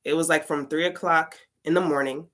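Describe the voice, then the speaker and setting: A woman's voice: low-pitched, steady tone, fairly quick, fairly bright tone. A woman tarot reader and poet telling a casual story, full of "like" fillers and swearing.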